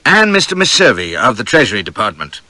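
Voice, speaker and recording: A man's voice: mid-range voice, sing-song, fast talker, pushed and bright, no echo. A man voicing a polite male cavalry officer with a pleasant Southern US accent, read in an audiobook. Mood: courteous.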